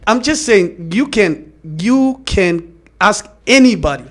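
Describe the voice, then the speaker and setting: Comedian co-host, man, lively storyteller, pitched a bit high. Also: slow. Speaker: radio show co-host and comedian. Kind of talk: casual studio chat.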